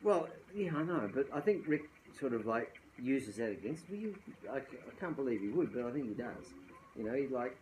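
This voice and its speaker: A man's voice: mid-range voice, sing-song, normal speed, a little mellow, slight background noise, rough recording. An Australian man co-hosting a casual chat, teasing his co-host and chuckling between remarks. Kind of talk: casual chat about club golf handicaps.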